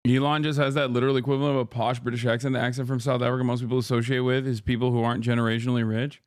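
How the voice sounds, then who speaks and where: A man's voice: medium pitch, level tone, racing, no echo, studio quality. A man hosting a livestream, reacting to clips in casual, blunt and profane chat. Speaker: livestream host.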